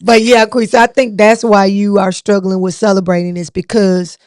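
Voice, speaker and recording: A woman co-host speaks softly and reflectively, building her point with encouragement. Her pitch sits in the middle, and the sound is close and dry. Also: level tone, moderate pace, no room sound. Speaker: podcast co-host. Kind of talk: casual chat.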